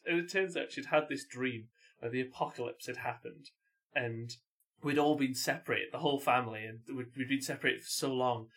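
A man's voice: mid-range voice, a little fast, a bit bright. A young man, a podcast co-host chatting casually and laughing through his stories. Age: young adult. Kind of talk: casual chat.

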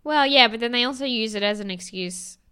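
A young woman with a bright, crisp voice pitched a little high, chatting casually as a podcast co-host. She rattles through a recap, swears freely and laughs often. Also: a little fast.

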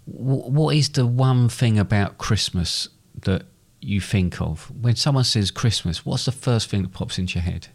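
A man's voice: fairly low pitch, moderate pace, hardly any pauses. A man in his fifties with an Estuary English accent, chatting easily on a podcast with frequent restarts. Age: 50s. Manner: easygoing, hesitant with restarts. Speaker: podcast co-host. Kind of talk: casual chat.

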